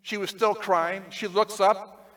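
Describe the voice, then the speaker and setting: A man preaching a sermon, telling a personal story with lively swings between excited, loud passages and hushed, tender ones. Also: high-pitched, slow pace. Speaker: pastor.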